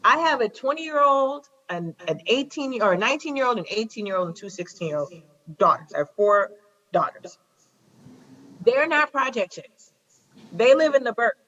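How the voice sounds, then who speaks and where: A fairly high, fairly bright female voice belongs to a forty-something Chicago prosecutor speaking as a guest. She tells her stories with passion and emphasis in a conversational style, repeating key lines, on a somewhat dull lo-fi recording.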